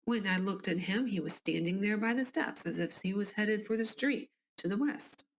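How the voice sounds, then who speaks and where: A woman's voice: medium pitch, normal speed, a little hiss or hum, lightly acted. A woman reading as Adeline Churchill, Southern-accented witness. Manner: plain read-aloud testimony, polite. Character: older woman neighbor giving inquest testimony.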